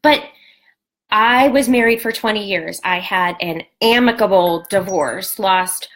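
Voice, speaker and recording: A woman's voice: mid-range voice, unhurried, a bit bright. A woman in her forties, a beauty product distributor, giving a candid motivational talk to her sales team, blunt and swearing freely. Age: 40s.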